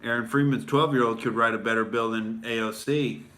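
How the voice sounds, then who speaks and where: Male comic host, sarcastic mock-earnest delivery, sharp bright tone, chatty asides. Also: medium pitch, steady tone, brisk. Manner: chatty, fillers like "all right?". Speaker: comedian host. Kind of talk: satirical comedy commentary.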